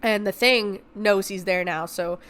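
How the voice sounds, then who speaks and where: Bright-voiced woman recapping a movie. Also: mid-range voice, a little slow, smooth. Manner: animated, profane retelling with filler words. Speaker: podcast host. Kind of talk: casual movie review recap.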